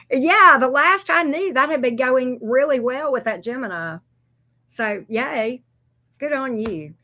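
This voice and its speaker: A woman gives tarot readings on a livestream in a loose, joking way, chatting to her viewers and pets while laughing and swearing. Her high-pitched voice is animated and sharp, and she takes her time.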